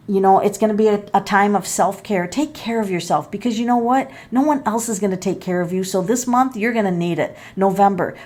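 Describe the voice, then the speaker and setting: Animated middle-aged woman reading tarot. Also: mid-range voice. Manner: animated, exclaims and gasps at the cards, thinks aloud; talks straight to viewers as folks. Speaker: tarot reader and numerologist. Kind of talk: casual tarot reading to camera.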